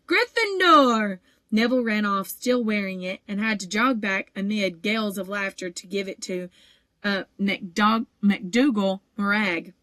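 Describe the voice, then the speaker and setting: A woman's voice: mid-range voice, dry recording. Woman reading a story aloud, close and dry. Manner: steady, even storytelling with occasional small stumbles. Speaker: audiobook reader. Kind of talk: audiobook narration.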